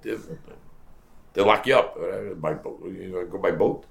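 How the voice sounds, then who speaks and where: An older man, a rabbi, telling a story in a sermon with animated, repetitive speech sprinkled with Yiddish and Hebrew words. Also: sits low, fast, vocal fry. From United States.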